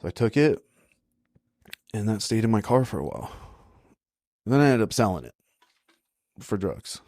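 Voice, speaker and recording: A young adult man with a low voice tells his stories in a casual, laid-back way, checking in with "right?" as he goes. The sound is close and dry, with no room around it. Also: sing-song, moderate pace, warm tone, no echo. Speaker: podcast guest. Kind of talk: casual storytelling.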